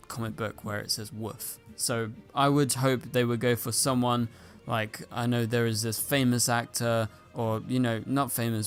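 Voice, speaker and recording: A man hosting a casual commentary show, talking through casting news in a chatty way, filling his talk with "like" and "you know". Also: on the low side. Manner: chatty, filler-heavy with frequent "like" and "you know". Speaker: YouTube host. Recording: faint music behind.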